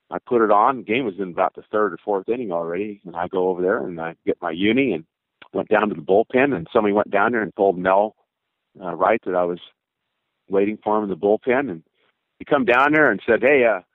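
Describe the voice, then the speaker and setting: An older man with a fairly low voice recounts his pitching days in a loose, rambling way. He restarts his sentences and slips into other people's voices as he quotes them. The sound is narrow and phone-like, close and completely dry. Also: no room sound. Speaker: former baseball pitcher. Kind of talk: casual spoken storytelling.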